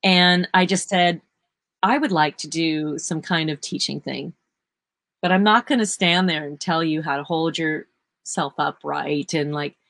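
A woman session singer chatting in an interview, telling lively stories and laughing often. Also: low voice, a little slow, creaky, no room sound. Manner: animated storyteller who acts out quotes, laughs often. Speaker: session singer and vocal workshop teacher. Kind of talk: casual interview chat.

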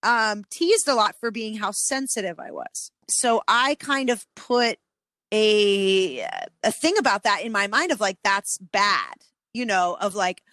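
A woman co-hosting a podcast in casual chat, self-deprecating and quick to laugh. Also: medium pitch, a bit bright, no echo. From from an Irish Catholic family. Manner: self-deprecating, laughs often, chatty with fillers.

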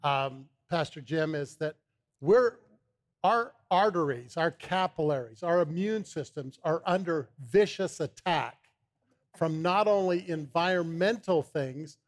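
A man's voice: a little high, lively intonation, unhurried. A man, a guest on a talk show, eagerly explaining a supplement, often repeating his first words. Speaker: supplement company founder, guest.

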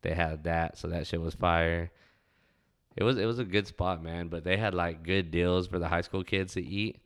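A man's voice: low voice, steady tone, normal speed. A young man telling laid-back, profane stories from his hometown. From West Texas. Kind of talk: casual storytelling monologue.

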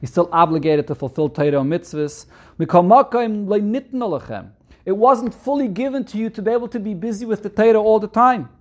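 A man with a Yeshivish accent and a fairly high voice gives a Torah lesson. He reads each Hebrew phrase, then explains it in English, repeating the main points. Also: brisk, a little mellow, lo-fi sound. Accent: Yeshivish English with Hebrew and Yiddish terms. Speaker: Torah teacher. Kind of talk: reading Hebrew text and translating it into English.

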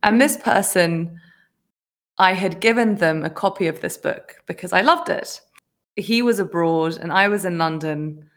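A woman hosting a podcast, telling a personal story in casual conversation, animated and often laughing as she acts out what people said. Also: fairly low pitch, measured pace. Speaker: podcast host.

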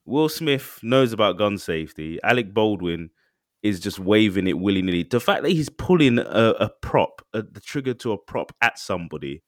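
A man with a low voice that swings widely as he gets worked up, chatting casually on a podcast. He acts out what other people say, and the sound is dry and close. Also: normal speed, dry recording. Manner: animated, excitable, acts out quotes. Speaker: podcast co-host. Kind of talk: casual chat.

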